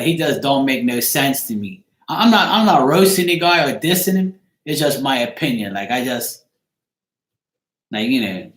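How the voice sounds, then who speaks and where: A man's voice: medium pitch, a bit bright. Male channel host, loose rambling banter with a joking, cussing edge, in a roomy echo. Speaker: card reader and channel host. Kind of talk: casual livestream chat.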